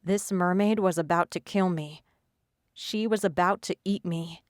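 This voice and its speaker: A woman reading a first-person audiobook in a steady, scripted storytelling manner. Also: on the low side, measured pace, no echo, clean studio sound. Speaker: audiobook narrator.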